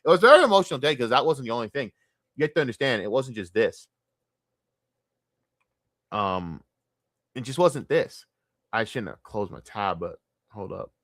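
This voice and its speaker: A young man streaming a casual, profane and rambling sports rant, talking excitedly. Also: medium pitch, moderate pace, pauses often, no echo, clean studio sound.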